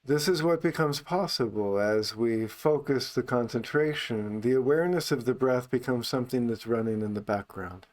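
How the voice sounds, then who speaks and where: A man teaching meditation in an unscripted talk, speaking calmly and unhurriedly, only on the out-breath. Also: medium pitch, normal speed, hardly any pauses.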